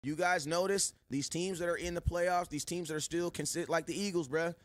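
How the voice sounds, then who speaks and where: Animated man giving shout-outs to viewers. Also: fairly high pitch, brisk. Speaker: sports show host. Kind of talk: live-stream chat.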